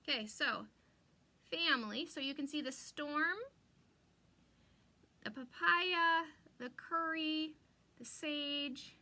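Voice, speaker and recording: A middle-aged woman with a high, bright voice and forceful tone hosts a live crafting stream. She chats and rambles while working on her demo, reading viewer comments aloud as she goes.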